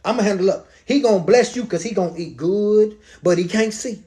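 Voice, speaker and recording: A man's voice: sits high, fairly quick, dark tone, natural voice. A man voicing a scheming, protective mother who talks her son into her plan in a coaxing, bossy, slangy way. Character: scheming protective mother, middle-aged woman.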